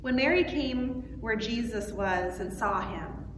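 A woman pastor giving a sermon and reading scripture aloud with earnest, expressive emphasis. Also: on the high side, slow pace. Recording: echoey hall with long reverb, background noise.

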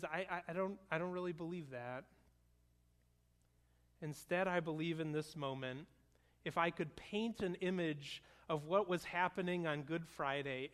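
A man's voice: fairly high pitch, a bit bright. A man in his thirties, a pastor preaching a sermon in an earnest, conversational storytelling way. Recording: long hall reverb.

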